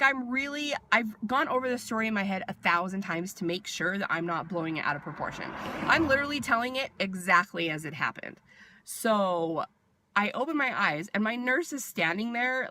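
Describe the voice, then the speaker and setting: A woman vlogger casually telling a personal storytime with animated asides and fillers. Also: on the low side.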